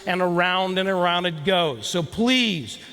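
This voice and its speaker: A man's voice: high voice, lively intonation, measured pace, bright, forceful tone, smooth. A man giving a live keynote talk, telling stories playfully and speaking straight to the audience. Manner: storytelling, playful, engages the audience directly.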